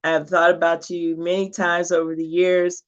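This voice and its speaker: A woman's voice: fairly low pitch, completely flat delivery, moderate pace, clean tone. A woman guest talking in an effusive, grateful way during a casual chat. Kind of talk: casual video-call chat. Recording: muffled lo-fi call audio.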